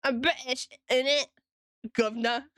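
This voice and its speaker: A woman's voice: high voice, steady tone, a little slow, fairly bright tone, clean tone, dry recording, studio quality. A woman putting on an exaggerated mock British accent, playfully and for laughs.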